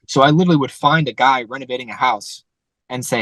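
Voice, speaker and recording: Fast-talking young man, brisk storyteller. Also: mid-range voice, steady tone, fairly bright tone, no echo, low-quality recording. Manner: fast, rambling storyteller who acts out quotes. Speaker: guest entrepreneur. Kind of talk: casual conversation.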